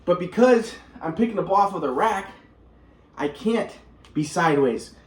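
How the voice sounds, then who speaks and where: A man's voice: sits high, expressive, normal speed. A man telling his own story in a rambling way, restarting sentences and repeating words. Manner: acts out quotes of others. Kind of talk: casual storytelling monologue.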